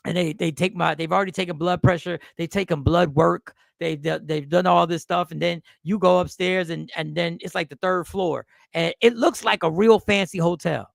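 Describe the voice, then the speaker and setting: A man hosting a casual talk show, telling a personal story in an animated way, repeating himself. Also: sits high, normal speed, creaky, hardly any pauses, dry recording, studio quality. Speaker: host.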